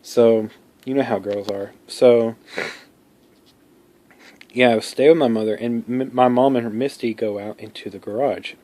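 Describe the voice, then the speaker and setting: A man's voice: mid-range voice, steady tone, unhurried, long pauses, dark tone. A man telling a personal story in a casual vlog, rambling, with many fillers, restarts and some swearing.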